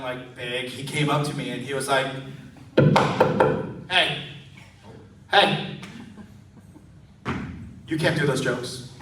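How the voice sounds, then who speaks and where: A man's voice: a little high, background noise. A man performing a live stand-up set, telling self-deprecating stories and laughing between lines. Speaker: stand-up comedian. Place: comedy club stage. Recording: roomy, distant live club recording. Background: audience laughter.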